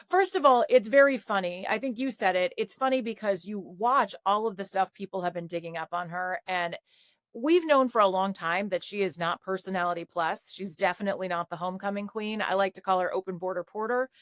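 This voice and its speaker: Woman, political commentator, animated mocking delivery, medium pitch, dry close recording. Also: brisk, no echo. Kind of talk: political talk show commentary.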